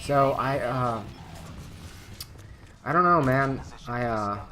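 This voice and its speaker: A man's voice: mid-range voice, takes it slowly, bright, forceful tone. A young man streaming a game, telling a story casually, with many fillers and restarts. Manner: rambling, filler-heavy, lots of restarts. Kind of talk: casual storytelling while gaming.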